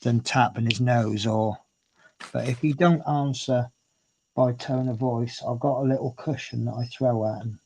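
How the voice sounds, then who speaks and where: A man's voice: mid-range voice, steady tone, unhurried, a little mellow, a little hiss or hum. A man chatting casually on a livestream from home, rambling and cooing at his cat. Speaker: streamer. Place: at home indoors.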